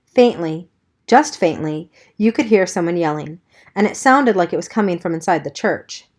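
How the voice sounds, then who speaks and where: A woman narrating a first-person novel aloud in a steady, plain reading voice. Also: lowish voice, a little fast. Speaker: audiobook reader.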